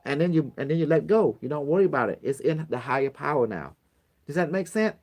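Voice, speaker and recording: This man's voice is a little high and slightly mellow, and he talks fast and expressively. Teaching spirituality casually to a small group, he is blunt, repeats himself, swears often, and performs pleading prayers.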